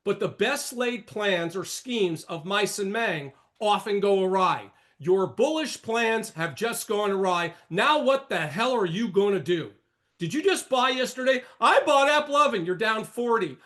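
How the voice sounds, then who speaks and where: This is an older man with a notably high voice who hosts a trading session. He lectures bluntly and with animation, jumping between warnings and asides. His commentary comes across as a sermon-like monologue. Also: animated, a little slow, a bit bright. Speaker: trading room host.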